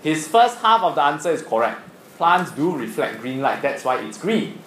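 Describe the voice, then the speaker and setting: A man's voice: on the high side, sing-song, normal speed, fairly bright tone, reverberant, a little hiss or hum, low-quality recording. A man teaching science to a class, asking questions and teasing students. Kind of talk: classroom lesson.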